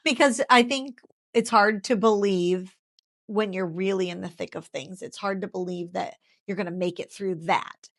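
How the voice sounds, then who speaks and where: A woman's voice: mid-range voice, steady tone, moderate pace, a bit bright. A woman in her thirties sharing her faith story in an interview, earnest and heartfelt, repeating phrases for emphasis.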